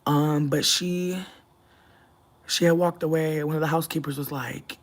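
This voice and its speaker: Reading chat on a livestream, a young adult talks casually with viewers at an unhurried pace. The stories are profane, broken up by sudden loud, high outbursts and soft asides that are nearly whispered.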